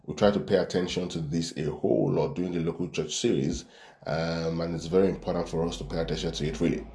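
A man with a low, deep voice leads a Bible-study sermon for his church class. He reads verses aloud, repeats key phrases and keeps checking in with "right?". His voice rings out in a reverberant room. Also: steady tone, fast, dark tone. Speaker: preacher teaching a church class.

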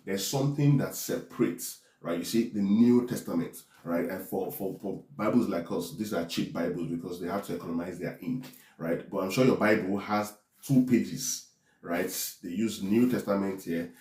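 A man with a deep, dark-toned voice delivers a Bible sermon at a moderate pace, his words echoing around the room. He leans heavily on tag questions like "right?" and repeatedly asks his audience, "are we together?"

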